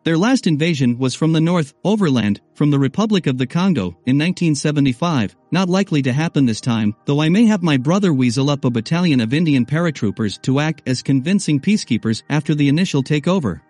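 A man's voice: on the high side, lively intonation, fast, few pauses, darkish tone, no echo, soft background music. A man narrating a first-person novel in a wry, sardonic way. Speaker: audiobook narrator.

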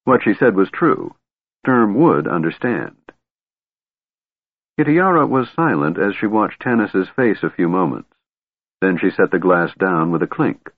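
A man's voice: sits low, expressive, measured pace, pauses often, no echo. A man narrating a fantasy novel as an audiobook, with dramatic storytelling. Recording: tinny, narrow band.

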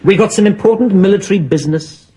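An actor playing a sarcastic, withering army captain, in a studio sitcom. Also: male voice, sits high, fast, lightly acted. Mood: scornful. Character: sardonic weary male army captain, insulting and scheming. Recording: hissy TV recording, loud noise. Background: studio audience laughter.

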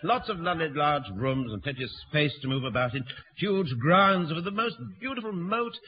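An actor playing a languid, genteel middle-aged sergeant who answers with dry politeness in a radio sitcom. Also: male voice, on the high side, lively intonation, moderate pace, close to an everyday voice. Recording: muffled archive broadcast.

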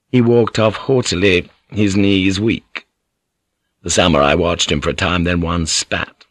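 A man with a low-sitting voice narrates an audiobook in scripted narration, telling the story in a measured, even manner. There's no room sound.

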